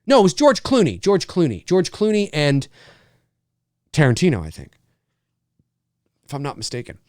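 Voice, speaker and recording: A man's voice: a little high, moderate pace, dry recording, clean studio sound. A North American man hosting a live stream, chatting casually and rambling through viewer comments. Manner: rambling, animated, lots of fillers and laughs.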